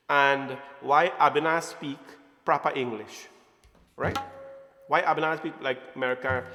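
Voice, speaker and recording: Animated Guyanese man addressing a congregation. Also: fairly high pitch, in a large hall. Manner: animated, addresses audience as "my friends", asks questions. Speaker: religious speaker. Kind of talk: satsang talk to a congregation.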